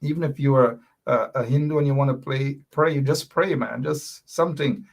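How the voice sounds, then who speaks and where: A man's voice: mid-range voice, moderate pace, vocal fry. A man hosting a talk show, talking casually and emotionally, rambling and half joking as he asks listeners to pray for him. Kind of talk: casual live-stream talk.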